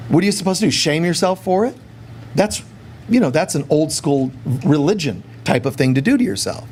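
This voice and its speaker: A man giving a casual spiritual teaching talk, animated and conversational, acting out quoted prayers along the way. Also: fairly high pitch, fairly quick, slight background noise.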